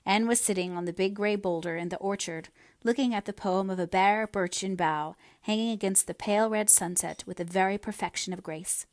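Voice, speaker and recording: A woman reading a novel aloud as narrator, in a measured, expressive way. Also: mid-range voice, no echo, studio quality. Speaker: audiobook reader. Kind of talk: storybook narration.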